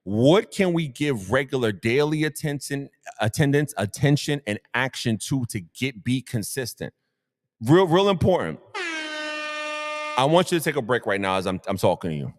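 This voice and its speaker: A man hosting a live motivational stream, speaking at a middling pitch. His voice carries a long, hall-like reverb. He talks in an animated, preaching way and circles back to the same lines for emphasis. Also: moderate pace. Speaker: motivational show host. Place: Brooklyn area.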